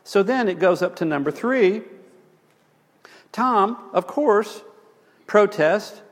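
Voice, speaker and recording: Animated man teaching in an echoey hall. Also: high voice, slow. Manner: animated, storytelling, wry asides. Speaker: marriage teacher. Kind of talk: lecture on marriage conflict.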